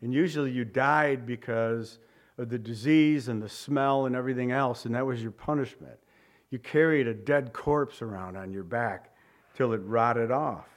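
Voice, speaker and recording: A man preaches a sermon at normal speed, speaking straight to his listeners. He repeats key words and swings between loud cries and hushed, low emphasis.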